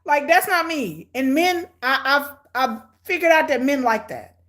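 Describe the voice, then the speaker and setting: A middle-aged woman giving blunt, sarcastic, animated commentary on a reality show she is watching. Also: high voice, unhurried. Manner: hyperactive and energetic. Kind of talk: casual live watch-along commentary.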